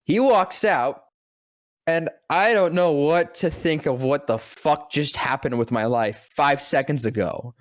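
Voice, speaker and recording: A voice actor telling a breathless, profane, self-mocking story on a podcast. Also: male voice, fairly high pitch, a bit bright, dry recording, studio quality. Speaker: voice actor and guest. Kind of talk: excited anecdote telling.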